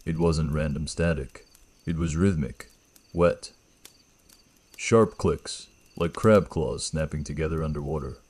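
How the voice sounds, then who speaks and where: Deep husky-voiced man narrating horror. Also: steady tone, measured pace, darkish tone. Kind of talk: first-person horror story narration.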